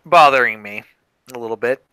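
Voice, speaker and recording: A man playing a weary, reflective male police detective in a tabletop role-play. He talks in a thoughtful, halting way, with many fillers. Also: medium pitch, bright, forceful tone, clean tone, no room sound, close to an everyday voice. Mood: musing. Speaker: tabletop game player.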